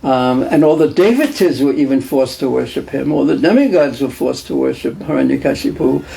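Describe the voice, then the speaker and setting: A man's voice: mid-range voice, animated, fairly quick, creaky, dark tone, poor audio. A man giving a devotional class lecture in a conversational way, repeating phrases and putting questions to the listeners. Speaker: lecturer on scripture.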